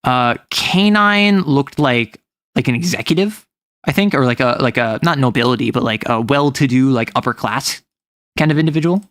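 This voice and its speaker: A man's voice: mid-range voice, moderate pace, a bit bright, no echo, clean studio sound. A man chatting casually as a game master, rambling and self-correcting, with lots of "like" as filler. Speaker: game master recounting a campaign. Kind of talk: casual chat.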